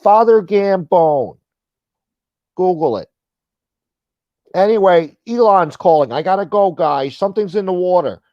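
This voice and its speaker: A man's voice: sits high, lively intonation, dry recording, highs cut off, pitched above the performer's own voice. A man putting on the voice of a boastful, rambling, dim-witted grown man who drawls and mocks himself. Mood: mocking. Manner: slow, drawling, self-mocking, profane.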